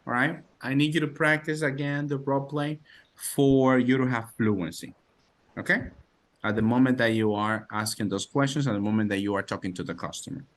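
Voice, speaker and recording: A man's voice: medium pitch, steady tone, fairly quick. A man teaching call center English on a video call, repeating phrases and encouraging the learners. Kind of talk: online class coaching.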